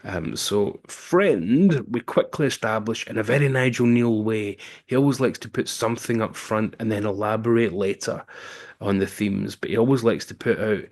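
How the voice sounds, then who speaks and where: A man's voice: fairly low pitch, moderate pace, darkish tone. A man casually recapping a film's plot as a reviewer, with wry asides and frequent um fillers. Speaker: film reviewer.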